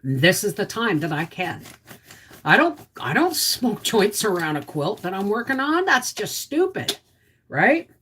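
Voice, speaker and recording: A woman's voice: mid-range voice, very animated, unhurried, fairly bright tone, a little hiss or hum. A middle-aged woman hosting a casual livestream, greeting viewers and answering their comments in a chatty, sympathetic way.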